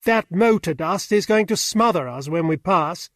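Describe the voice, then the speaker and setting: A man reading an audiobook, voicing a young man who speaks plainly and teases gently. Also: sits high, animated, normal speed, no echo, clean studio sound.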